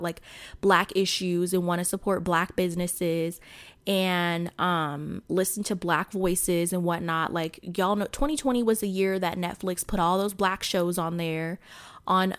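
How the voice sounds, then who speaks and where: Woman, Midwestern accent with a country twang, podcast host, casual solo chat, chatty, lots of fillers. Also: lowish voice. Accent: Midwestern with a little Southern country twang. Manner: chatty, addresses listeners as y'all, many fillers.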